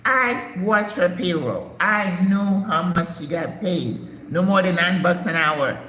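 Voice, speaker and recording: Speaking slowly in a lowish, slightly bright voice, a retired nurse practitioner in her older years tells stories during a casual live chat, adding emphatic, preachy asides. She's at home in Panama, and the room echoes with faint background noise.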